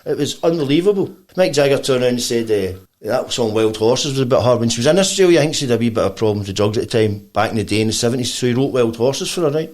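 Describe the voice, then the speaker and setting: A Scottish man, a bassist guesting on a podcast, tells a long, animated story full of quoted voices and laughter. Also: quick pace, hardly any pauses. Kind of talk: casual storytelling.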